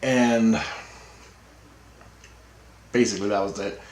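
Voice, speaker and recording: A man casually retelling a personal story, rambling and profane, getting excited when he quotes people. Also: lowish voice, slow pace, reverberant. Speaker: storyteller recounting a personal experience.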